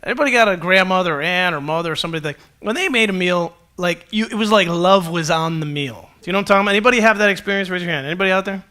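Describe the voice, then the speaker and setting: Bright, high-voiced pastor preaching. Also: male voice, very fast, few pauses. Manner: conversational and animated, with self-deprecating humor. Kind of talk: sermon to a live congregation.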